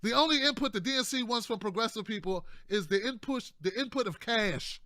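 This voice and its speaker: A male host giving casual political commentary in a loose, joking way. His voice is high and bright, with a pointed edge. The sound is dry and close, with no room echo. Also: brisk. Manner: loose and conversational, keeps adding "man" and "y'all", jokey asides.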